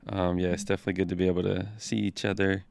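A man chatting on a podcast, unhurried and dry, with many fillers. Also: deep voice, flat delivery, vocal fry, darkish tone, no echo. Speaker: podcast co-host. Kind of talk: casual chat.

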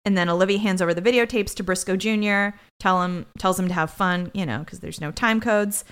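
Recapping a TV episode on her podcast, this co-host speaks briskly in a mid-range voice that's clear, resonant, and a bit bright. Her retelling of the plot is chatty and dotted with sarcastic comments.

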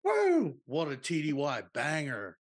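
A man's voice: a little high, wildly swooping pitch, a little slow, exaggerated voice. A man reading a listener's story as a laid-back young male airman with a surfer-dude drawl, tacking dude and bro onto his lines.

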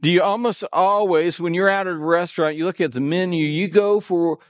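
A man's voice: high-pitched, brisk, no echo, clean studio sound. A man from Indiana preaching a sermon as pastor, folksy and joking with the congregation in a church. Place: church sanctuary.

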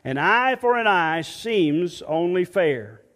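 A man, a pastor, preaching a sermon emphatically and dropping soft and low when quoting scripture. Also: big pitch swings, slow pace, big-room sound.

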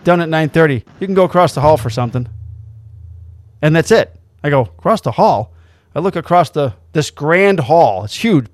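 A man's voice: fairly high pitch, no room sound, studio quality. A man telling a story in casual chat, swearing freely and acting out the quotes.

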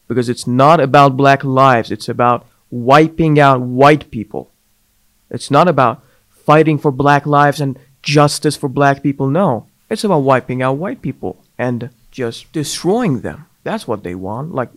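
A man hosting a podcast rants in heated, combative bursts, mocking as he goes. He speaks English as a second language, with a middle-range voice. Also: mid-range voice. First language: not English. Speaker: podcast host. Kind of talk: ranting podcast commentary.

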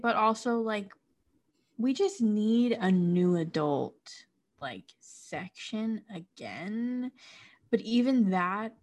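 A woman co-hosting a casual book podcast, speaking in a low-key way with quiet asides. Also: expressive, slow. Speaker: podcast co-host.

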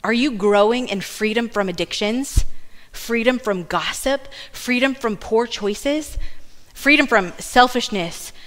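A woman in her thirties giving a sermon in a church, telling family stories with lively asides. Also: on the high side, a little slow, big-room sound. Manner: warm storytelling with asides and laughs. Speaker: church speaker. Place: church sanctuary.

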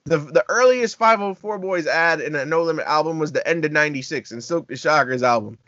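A man with a slightly high voice chats on a casual podcast. He reels off long lists with enthusiasm. The recording is dry and a bit dull. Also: fairly quick, fairly bright tone, no room sound. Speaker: podcast co-host. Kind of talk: casual chat.

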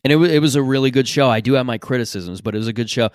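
A man's voice: mid-range voice, rapid-fire, dry recording, studio quality. A man hosting a podcast in a casual, rambling, opinionated monologue, swearing freely. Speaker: podcast host.

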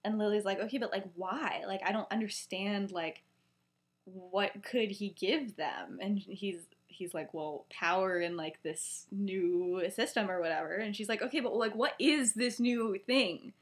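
A woman's voice: medium pitch, normal speed, hardly any pauses. A young woman casually retelling a story on a podcast, chatty and full of "he's like" quotes. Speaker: podcast co-host.

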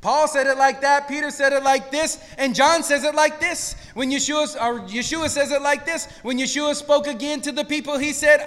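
A male pastor delivers a sermon in a very high, bright voice. He moves between quiet, low passages and loud, shouted peaks. The long reverb of a large sanctuary trails every phrase. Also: moderate pace. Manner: preaching with swings between hushed and shouted lines. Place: church sanctuary.

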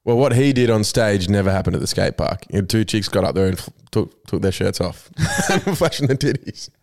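An Australian man co-hosting a podcast in loose, casual banter. His voice sits low. He talks in animated, rambling stories and swears freely. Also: fairly quick, creaky. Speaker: podcast co-host.

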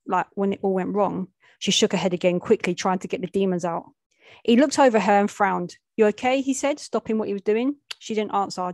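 A woman reading a gritty street story aloud in a plain, steady voice, slipping in street slang. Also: mid-range voice, no echo. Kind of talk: reading a gritty first-person-style short story aloud.

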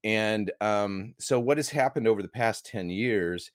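Enthusiastic American man, low voice. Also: a little slow, dry recording, clean studio sound. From United States. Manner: enthusiastic, rambling storyteller. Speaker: guest, movie critic. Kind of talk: casual interview talk.

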